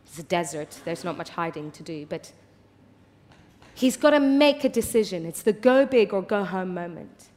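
A woman pastor preaching a passionate sermon in a large church hall, swinging from hushed tones to loud declarations. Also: fairly low pitch, expressive, normal speed. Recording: long hall reverb.

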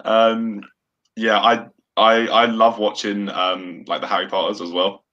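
A man with a very low yet bright, forward voice, guesting on a relaxed sports chat. He talks in a laid-back way and laughs easily. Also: unhurried, muffled recording. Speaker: guest, club team member. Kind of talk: casual interview.

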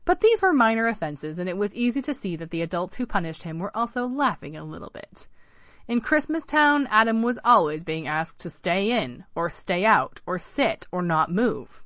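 A woman's voice: mid-range voice, big pitch swings, moderate pace, fairly bright tone, no echo. Dry-voiced woman narrating a story. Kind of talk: scripted narration of a children's story.

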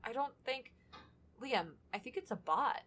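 A woman's voice: fairly high pitch, animated, unhurried, a bit bright, pitched above the performer's own voice. A woman voicing a young male scrapyard worker who is curt and swears when startled, read aloud from a story. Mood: blunt.

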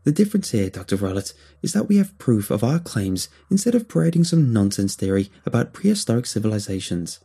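A man voicing an indignant male scientist who is scornful and quick to argue, loud and sharp with a raised voice. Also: on the low side, big pitch swings, husky, full character voice.

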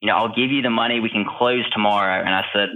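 A male guest in an interview, telling his story in an animated way with many fillers. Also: fairly low pitch, fast talker. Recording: tinny phone-like line.

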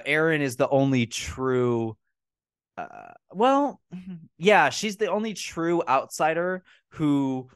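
A man hosting a casual movie review podcast, recapping scenes in a profane, mocking, animated way. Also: medium pitch, dry recording, studio quality. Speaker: podcast host.

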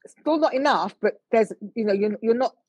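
Earnest woman with a husky voice. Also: fairly high pitch, a little mellow, dry recording, dull audio. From United Kingdom. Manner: earnest, measured, with frequent fillers. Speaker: guest, motorsport official. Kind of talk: conversational interview.

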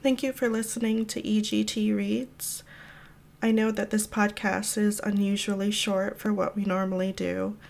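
A woman host wraps up her podcast with a few words to listeners. Her speech stays even and level. She talks in a plain, direct way. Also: medium pitch. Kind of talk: closing remarks to listeners.

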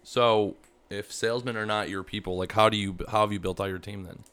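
A very deep voice asks short questions, trailing off and restarting as the interviewer. The questions are halting and filled with ums. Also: fairly even intonation, a bit bright.

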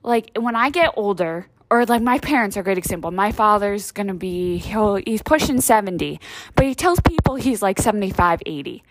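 A woman's voice: medium pitch, expressive, brisk, no room sound. A woman hosting her own vlog in a casual, rambling monologue, swearing freely and saying "like" constantly. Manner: rambling, profane, heavy use of "like". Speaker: vlog host.

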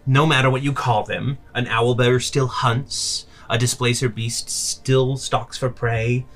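A man voicing a sly, pushy old witch with a shrill voice in a tabletop game. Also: flat delivery, measured pace, a bit bright, soft background music. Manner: wheedling, falsely apologetic.

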